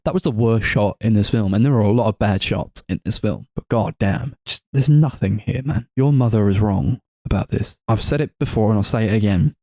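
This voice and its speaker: A man's voice: on the low side, brisk, few pauses, dark tone, no room sound, clean studio sound. A man co-hosting a casual movie review podcast, sarcastic and mocking, swearing freely. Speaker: podcast co-host.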